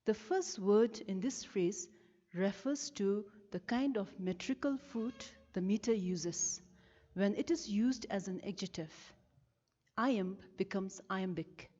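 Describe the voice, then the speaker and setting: A woman teacher from Bhutan, giving a recorded lesson and explaining each term slowly and carefully, stressing the key words. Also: medium pitch, mellow. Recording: lo-fi with long reverb.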